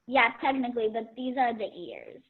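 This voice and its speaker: A woman's voice: a little high, wildly swooping pitch, moderate pace, breathy edge, no room sound. A woman in an online art class, tentatively explaining her drawing over a video call. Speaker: class participant. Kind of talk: casual video call talk. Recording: tinny phone-like video call audio.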